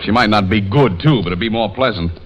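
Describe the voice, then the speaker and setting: A man hosting a scripted radio comedy show, trading brisk, playful jokes. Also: lowish voice, dull audio. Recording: hissy 1930s radio broadcast.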